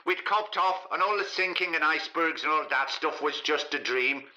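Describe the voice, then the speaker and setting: A man's voice: on the high side, moderate pace, sharp tone, poor audio. A man doing a cheeky fake-Irish movie star. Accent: put-on Irish. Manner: swearing, blunt, pleased with himself. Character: comic Leo impression, Irish-talking movie star. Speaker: phone-in guest.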